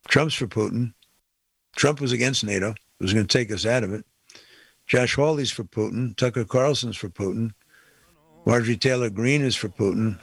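A man's voice: medium pitch, husky, no room sound. Radio host guy, studio mic, dead dry sound, punchy and emphatic, leans on the big lines. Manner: emphatic, slows down to stress key lines. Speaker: radio talk show host. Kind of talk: political talk radio commentary.

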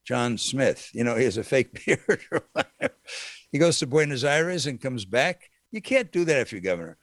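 A man hosting a political talk show, delivering an opinionated monologue in an indignant, sarcastic way with sudden high exclamations. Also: sing-song, a little fast, a bit bright, no room sound, clean studio sound.

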